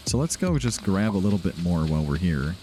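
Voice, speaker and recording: Relaxed man hosting a game playthrough, low, lively voice, chatty and rambling. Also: fairly quick, slight background noise. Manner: chatty, rambling, laughs often. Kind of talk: casual gameplay commentary.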